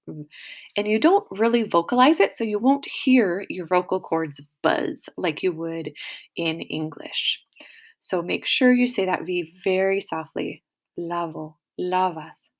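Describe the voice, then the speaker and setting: A woman teaching a recorded Spanish lesson, slowly drilling verb forms and inviting students to repeat after her. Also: medium pitch.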